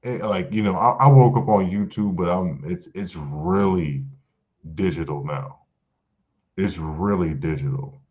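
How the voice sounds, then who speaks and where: Deep, slow-talking preacher on a dull stream. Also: male voice. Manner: animated preaching with repeated phrases and casual asides. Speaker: teacher of a religious class. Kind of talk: live-streamed religious class. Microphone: live stream.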